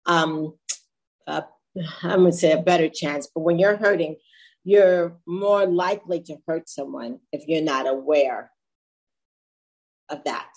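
A woman's voice: low-pitched, a little slow, pauses often, low-quality recording. A woman hosting a talk show, speaking reflectively and sometimes searching for words. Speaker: host. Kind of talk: casual podcast talk.

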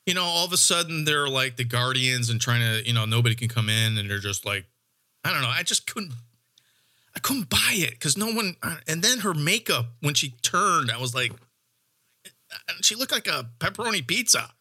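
A man's voice: on the high side, normal speed. A man in casual chat about a movie, telling it with acted-out voices and cursing freely. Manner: animated storyteller, acts out characters, swears freely. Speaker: podcast co-host reviewing a movie.

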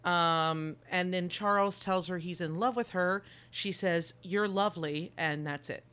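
A woman co-hosting a podcast, recapping a movie in casual chat with an animated, joking, irreverent manner. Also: lowish voice, a little slow, clean tone. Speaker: podcast co-host.

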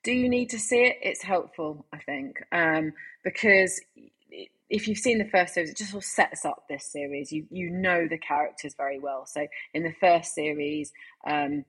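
A woman's voice: deep voice, breathy edge. A woman co-presenting a casual TV review, talking enthusiastically with frequent restarts. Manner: hesitant, many restarts, warm enthusiasm.

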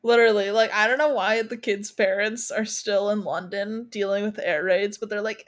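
A woman's voice: medium pitch, fairly even intonation, normal speed. A young woman hosts a casual book podcast. She talks bluntly with a wry edge and reads passages aloud. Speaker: podcast host.

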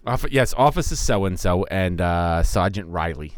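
Man, podcast co-host, casual rambling storytelling, fairly low voice, dry close sound. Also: lively intonation, moderate pace, clean tone, no room sound. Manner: rambling retelling of a friend's story, chuckling often.

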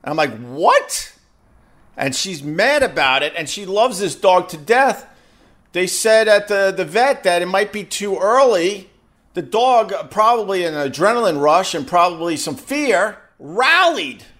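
A man's voice: high voice, expressive, measured pace, a bit bright. Man rambling through a casual story. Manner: rambling, repeats words while telling a story. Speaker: podcast host.

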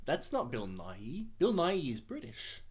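A man in his thirties co-hosts a casual podcast, with dry, wry remarks. His pitch moves a lot, rising and falling through his lines. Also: wildly swooping pitch, normal speed, over a noisy crowd. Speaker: podcast co-host.

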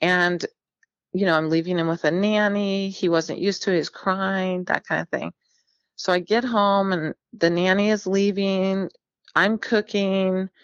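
A woman's voice: mid-range voice, steady tone, measured pace, no echo. A woman in her fifties from central California, telling her own story as a guest in a chatty, candid way with a self-deprecating sense of humor. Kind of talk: personal storytelling interview. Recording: dull lo-fi sound.

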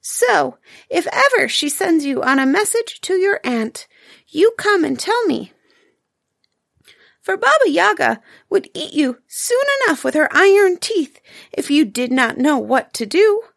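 Storybook mouse, small and kind, squeaky high voice; a woman reads him. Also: very animated, unhurried, vocal fry, fairly bright tone, dry recording, clean studio sound, heavily acted. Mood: earnest. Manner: earnest, warning. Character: tiny kind male gray mouse.

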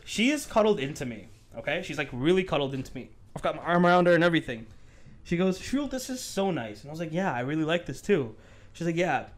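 A lively young man on a casual podcast, his fairly high voice swinging up and down as he acts out each part of his story. He swears freely and keeps the tale moving. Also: fast. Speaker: podcast co-host.

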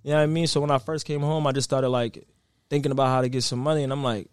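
A man's voice: mid-range voice, level tone, very fast, clear, resonant tone, no echo, studio quality. A young man, a guest rapper, chatting casually on a podcast and telling his story with loose asides and frequent "you know what I mean.".

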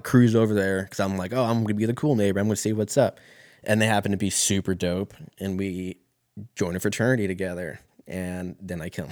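A man's voice: on the low side, dry recording, studio quality. A young man telling a rambling, profane story in a casual monologue, full of fillers and restarts.

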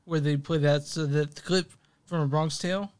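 A man's voice: on the high side, steady tone, moderate pace, a little mellow, smooth. A man co-hosting a casual music podcast, rambling with fillers and frequent laughs. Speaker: podcast co-host. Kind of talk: casual chat about music.

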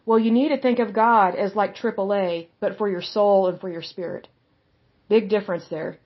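A woman's voice: mid-range voice, fairly even intonation, normal speed, breathy edge, muffled recording. A woman teaching from the Bible in a casual, conversational way, blunt and outspoken.

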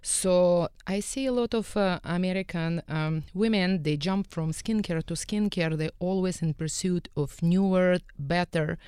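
A woman's voice: on the low side, measured pace, hardly any pauses, dark tone, smooth, no room sound, studio quality. A woman with a Russian accent, a salon owner and skin care specialist, speaking earnestly in slightly broken English on a radio panel. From Eastern Europe.

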